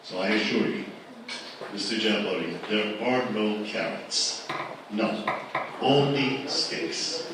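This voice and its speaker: A man moderating a panel at a live event, speaking forcefully with repeated rhetorical questions. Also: lowish voice, unhurried. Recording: echoey hall from far off, noisy.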